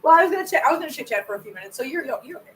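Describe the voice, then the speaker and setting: A woman's voice: sits high, big pitch swings, rapid-fire, a bit bright, distant mic, slight background noise, poor audio. A woman hosting a casual livestream from home, chatting with viewers in a rambling way and stumbling over her words. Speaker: cat channel host.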